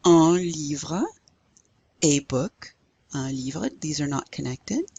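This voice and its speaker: A woman's voice: low voice, slow, dark tone, husky, no room sound, lo-fi sound. A woman teaching a recorded language lesson, carefully modeling pronunciation for learners to repeat. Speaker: French teacher.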